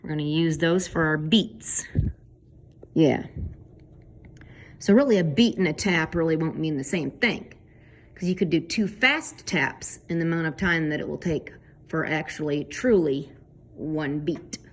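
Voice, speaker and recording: A woman's voice: low-pitched, unhurried, long pauses. A woman teaching a casual home video music lesson, chanting words and tapping out syllables and beats.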